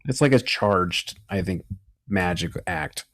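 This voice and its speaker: Male podcast guest, lowish voice, hesitant with fillers, dry close mic. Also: slow pace, no echo. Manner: hesitant, filler-heavy, laughing banter. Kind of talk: casual podcast chat.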